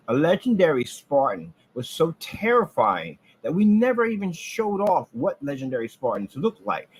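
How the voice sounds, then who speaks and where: A boastful man rants about his business in a rambling trash-talk style. His pitch swings wildly, from low muttered asides to loud, high, taunting outbursts. A faint background noise runs under the recording. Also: low-quality recording. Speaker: business owner ranting on his channel.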